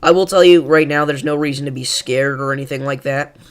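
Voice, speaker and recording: A man hosting live severe weather coverage, calmly reassuring viewers and thinking aloud with fillers as he reads radar. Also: mid-range voice, brisk, clear, resonant tone. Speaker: weather livestream host.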